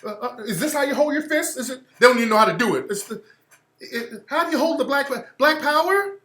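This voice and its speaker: A man's voice: lively intonation, brisk, sharp tone, full character voice. A man voicing a nervous, fawning man who stammers as he suddenly begs for help. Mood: flustered pleading. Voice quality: high, flustered, stammering. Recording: echoey room.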